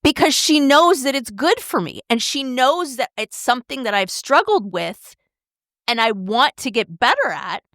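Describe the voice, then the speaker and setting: A woman's voice: high voice, normal speed, dry recording, studio quality. Candid, chatty middle-aged woman. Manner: candid, animated, says "like" and "right?" a lot. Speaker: podcast co-host. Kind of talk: casual chat.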